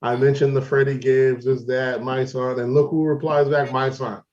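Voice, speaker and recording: A man's voice: medium pitch, flat delivery, normal speed, a little mellow, distant mic. A man co-hosting a podcast, rambling through a story in casual chat. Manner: rambling storyteller, retells online arguments. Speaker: podcast co-host. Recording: roomy, dull lo-fi podcast audio.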